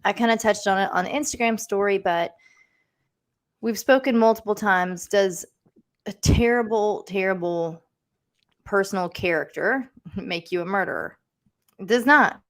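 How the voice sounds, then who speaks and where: A woman co-hosting a true crime podcast, chatty and quick to laugh as she banters and reads out the cases. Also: mid-range voice. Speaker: podcast co-host and case reader. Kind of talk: casual banter.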